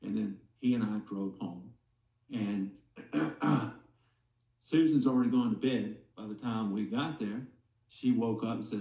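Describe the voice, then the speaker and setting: A man slowly telling a personal story to a group, pausing often to check in with "okay?". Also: on the low side, creaky, echoey room, recorded from a distance, dull audio. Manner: slow, deliberate, many "okay?" asides. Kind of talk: slow storytelling testimony.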